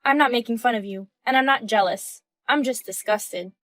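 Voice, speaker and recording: A woman's voice: on the high side, normal speed, a bit bright, no room sound, lightly acted. A woman voicing a firm, indignant wife. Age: 30s. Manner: firm, questioning, cold. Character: composed wife in her mid-thirties, indignant. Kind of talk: reading a text-message story.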